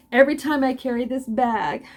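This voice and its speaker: An older woman with grandchildren, chatting casually and warmly emotional as a crochet vlogger, with laughs and restarts. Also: high voice. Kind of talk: casual chat.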